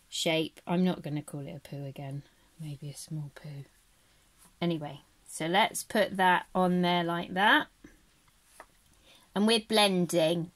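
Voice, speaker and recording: A woman giving a casual craft lesson, chatty and gentle, rambling and correcting herself as she goes. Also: medium pitch. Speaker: craft teacher. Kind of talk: casual how-to tutorial.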